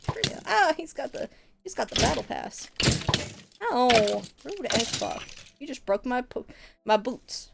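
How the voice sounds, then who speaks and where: A woman's voice: fairly high pitch, big pitch swings, measured pace, gravelly, very noisy. A woman streaming a game, chatting casually with viewers in a rambling, goofy, giggly way. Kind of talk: casual live-stream chat while gaming.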